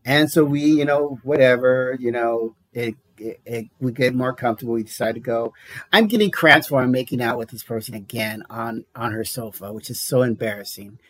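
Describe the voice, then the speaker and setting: A man with a husky, breathy voice at an ordinary pitch chats on a podcast. He tells a long, rambling story about himself, pokes fun at himself and laughs a lot along the way. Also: fairly quick, fairly bright tone. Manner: rambling, self-deprecating, laughs often. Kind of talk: casual chat, storytelling.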